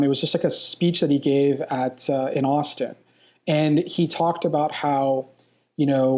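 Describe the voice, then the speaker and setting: Fast, excited male filmmaker guest. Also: fairly high pitch. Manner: enthusiastic, rambling, quick bursts. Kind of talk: casual interview chat. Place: hotel room.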